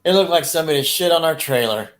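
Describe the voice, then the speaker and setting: A man's voice: on the high side, lively intonation, fast talker, fairly bright tone, low-quality recording. A man hosting a livestream, chatting casually in a rambling way with crude jokes and lots of fillers. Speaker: livestream host. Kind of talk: casual chat.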